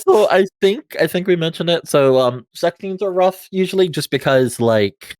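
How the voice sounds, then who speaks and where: A man's voice: fairly high pitch, expressive, normal speed, a little mellow, no room sound. Rambling man with a dry sound. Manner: rambling, many fillers and restarts. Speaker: guest voice narrator. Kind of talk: casual podcast chat.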